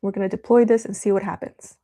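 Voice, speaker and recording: A young woman hosting a live stream, chatting casually and rambling with many fillers as she demos software. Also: medium pitch, fairly even intonation, fast. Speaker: livestream host.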